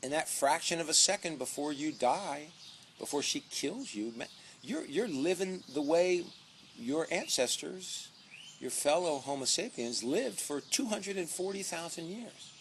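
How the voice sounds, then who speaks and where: Profane ranting man, lively pitch. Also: measured pace, slight background noise. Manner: swears constantly, sarcastic and heated. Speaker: author commenting on his book. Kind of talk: profane comic rant.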